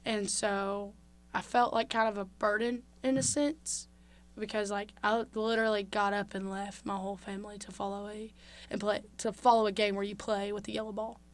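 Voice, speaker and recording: A woman's voice: medium pitch, flat delivery, moderate pace. Young woman telling a candid story. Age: young adult. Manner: candid storytelling, many fillers. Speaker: guest. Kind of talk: casual interview.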